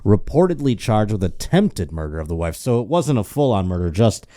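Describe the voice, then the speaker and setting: A man's voice: lowish voice, sing-song, fairly quick, warm tone, no echo, clean studio sound. A man hosting a casual comedic news show, rambling and joking while hungover. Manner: rambling, joking, self-interrupting. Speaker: host.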